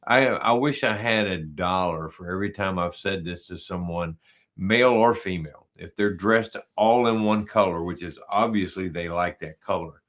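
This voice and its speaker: A man with a low, steady voice hosts a casual podcast conversation. He tells stories as jokes and keeps a relaxed, humorous tone. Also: moderate pace. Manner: joking storyteller, laughs at his own stories. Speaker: podcast host.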